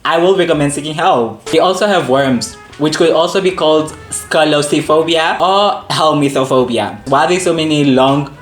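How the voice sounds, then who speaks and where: Young guy joking to his camera, over the top, drags words out, roomy echo and a bit of music under it. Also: fairly high pitch. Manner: playful, dramatic, drawn-out emphasis. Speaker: vlogger. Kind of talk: casual comedic chat to camera. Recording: echoey room with faint music.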